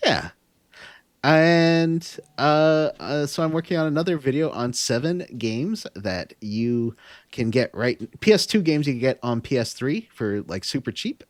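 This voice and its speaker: Male podcast host, casual rambler, mid-pitched, dry close mic. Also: animated, measured pace, no echo. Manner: rambling, self-deprecating, trails off with fillers. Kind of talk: casual gaming podcast chat.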